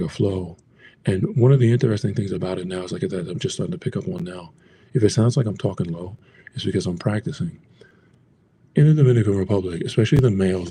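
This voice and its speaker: An American man with a deep, warm, slightly rough voice talks casually to the camera, teaching Spanish phrases for travel. He rambles a lot, leaning on "like" and "you know."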